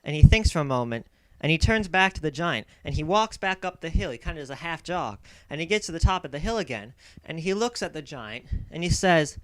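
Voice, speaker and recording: A man's voice: fairly high pitch, brisk, dry recording. A young man telling a long comic story in a rambling way, full of asides and restarts. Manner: rambling, self-interrupting, deadpan asides. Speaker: comedic storyteller.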